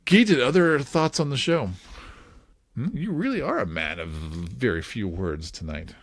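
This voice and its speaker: A male podcast host talks casually and unhurriedly into a close mic in a very dry, dead room with no room sound. His expressive pitch swings widely, and he laughs easily in an upbeat, playful manner.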